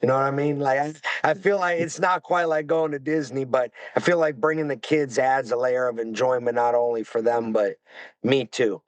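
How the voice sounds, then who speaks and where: A man's voice: medium pitch, steady tone, normal speed, no echo, rough recording. Forties guy musing on a podcast, trips over his words a lot, dry close sound. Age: 40s. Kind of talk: casual roundtable chat.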